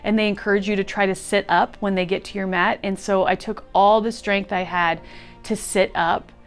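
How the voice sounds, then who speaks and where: A woman telling an emotional personal story as a guest, earnest and moved, sometimes laughing through tears, over soft music. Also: medium pitch, steady tone, moderate pace, clean tone. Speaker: guest sharing a retreat testimonial.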